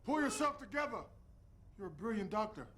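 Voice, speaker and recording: A man voicing a brash cartoon basketball-star parody. He barks pep talk in a bright, raised voice. The pitch leaps around wildly. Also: sing-song, fairly quick, a little hiss or hum.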